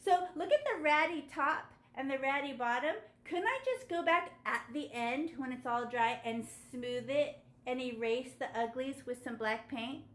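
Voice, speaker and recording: A woman teaching children a step-by-step painting lesson over a video call, animated and coaxing. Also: high-pitched, normal speed, few pauses, roomy sound. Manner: animated, gasping with delight, coaxing young kids. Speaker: art teacher.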